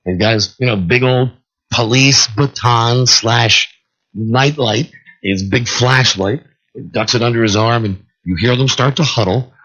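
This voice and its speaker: A lone male host on talk radio recounts an extended story, bringing its characters to life with animation. His medium-pitched voice is a little slow and slightly rough, and the radio sound is dull and lo-fi.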